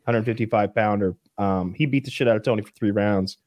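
A man's voice: on the low side, a little fast, a little mellow, no room sound. Guy arguing his case on a podcast, pushy and emphatic, dry close sound. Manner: argumentative, emphatic. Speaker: podcast co-host. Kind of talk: casual chat.

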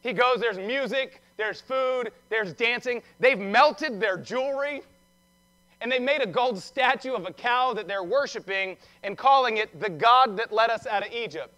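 High bright-voiced pastor guy, chatty easter sermon, cracks jokes and asks the crowd stuff. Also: normal speed. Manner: conversational storytelling with humor; asks the congregation questions.

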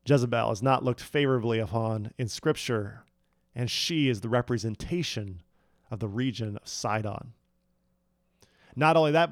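A man preaching a sermon as a pastor, telling a story with big swings between loud and hushed lines. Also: medium pitch, no room sound, clean studio sound. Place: church hall.

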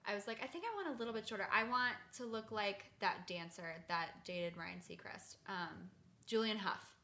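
A young woman co-hosting a podcast, telling stories in a chatty, animated way full of "like". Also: mid-range voice, normal speed. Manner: chatty storyteller, lots of "like", animated. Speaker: podcast co-host. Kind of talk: casual chat.

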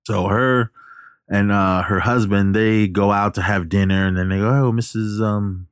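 Casting: low-voiced guy, laid-back rambling recap, dry close sound. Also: steady tone, normal speed, smooth, dry recording. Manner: rambling, loose, swears, lots of fillers. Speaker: movie recapper. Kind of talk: casual plot retelling.

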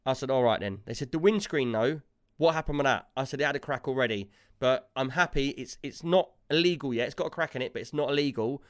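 A man's voice: medium pitch, fast talker. A man telling a long story in casual chat, quoting the people he argued with. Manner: animated storytelling, quotes others in dialogue.

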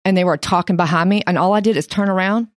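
A woman's voice: fairly low pitch, fairly even intonation, fast talker, no room sound, studio quality. A woman co-hosting a faith podcast, earnest and storytelling. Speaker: podcast host. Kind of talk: casual Bible discussion.

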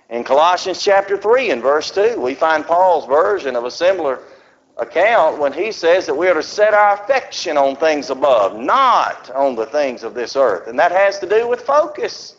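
A man preaching a sermon, slowing down and stressing words as he reads scripture aloud. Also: on the high side, sing-song. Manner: drawn-out emphatic scripture reading. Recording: dull lo-fi recording.

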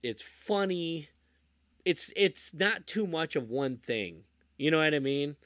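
A man's voice: fairly high pitch, animated, slow, a bit bright, dry recording, studio quality. A man hosting a casual podcast, talking enthusiastically about movies with many restarts. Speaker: podcast host.

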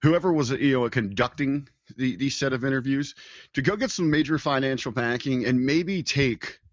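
A man's voice: a little high, fairly bright tone, dry recording, muffled recording. A man co-hosting a podcast, telling stories in casual chat with many fillers and restarts. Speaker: podcast co-host.

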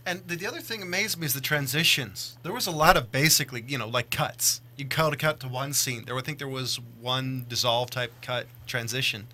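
A man's voice: medium pitch, fairly quick, few pauses, pushed and bright. A man hosting a casual movie discussion, enthusiastic and steering the talk with questions.

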